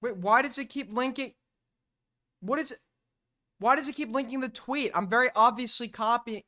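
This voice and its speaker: A man's voice: very high voice, lively intonation, moderate pace, bright, forceful tone. A sleep-deprived male streamer reacting casually to clips, profane, exasperated and rambling.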